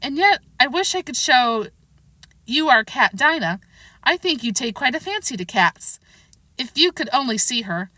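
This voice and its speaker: Alice as a prim little english girl, sing-songy and bright, fretful and polite, a woman putting her on. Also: high-pitched, sing-song, moderate pace, dry recording, voice pushed up, heavily acted. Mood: coaxing. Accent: put-on English.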